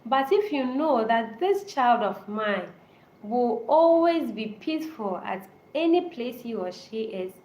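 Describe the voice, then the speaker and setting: A woman's voice: on the high side, expressive, unhurried, darkish tone. Earnest woman repeating herself, echoey room. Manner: earnest and repetitive, restating short phrases. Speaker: live stream host. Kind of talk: casual live-stream chat. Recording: echoey room with faint background noise.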